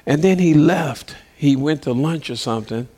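A man's voice: on the high side, moderate pace, darkish tone. A middle-aged man preaching, telling a story and acting out the voices of the people in it, laughing as he goes. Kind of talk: sermon storytelling.

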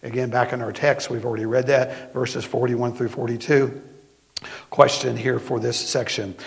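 A middle-aged man with a Southern accent, preaching a sermon as pastor in folksy storytelling style, slowing down for emphasis. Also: mid-range voice. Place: church sanctuary. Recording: long hall reverb.

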